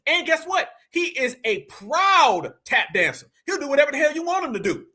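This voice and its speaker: A man with a strikingly high, bright voice delivers a fiery political commentary monologue. He hammers his points with emphatic repetition and keeps calling out directly to his listeners. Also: very animated, brisk, few pauses.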